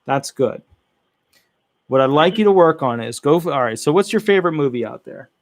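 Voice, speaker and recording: A man with a slightly high voice coaching someone through practice testimony. He asks pointed questions and answers with steady encouragement. His voice sounds close and dry. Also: a little fast, no room sound. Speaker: disability advocate coaching a claimant. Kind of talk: coaching interview.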